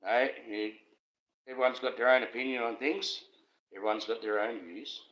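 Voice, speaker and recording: Bright-voiced Australian man ranting on a livestream. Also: medium pitch, moderate pace, dull audio. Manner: aggrieved, conspiratorial, addresses viewers directly. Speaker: livestream host. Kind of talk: rambling livestream monologue.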